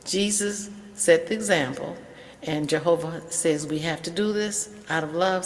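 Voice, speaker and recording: An older woman calmly telling a personal story on a call-in show, quoting the people in it. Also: lowish voice, in a large hall. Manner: unhurried, quotes dialogue in her story. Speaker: caller sharing an experience. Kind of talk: casual storytelling.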